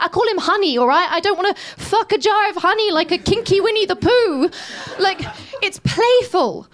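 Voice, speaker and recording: A woman doing a stand-up comedy set, giggly and animated, laughing through her lines. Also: extremely high pitch.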